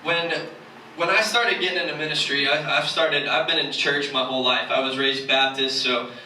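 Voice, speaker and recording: A young man preaches in a loose, self-mocking way, his voice high and ringing bright. He is picked up from a distance, so the church hall's echo rings around every word. A faint hum sits underneath. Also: steady tone, moderate pace. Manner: joking, conversational, self-mocking. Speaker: church speaker. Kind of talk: casual sermon. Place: church hall. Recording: echoey hall from far off.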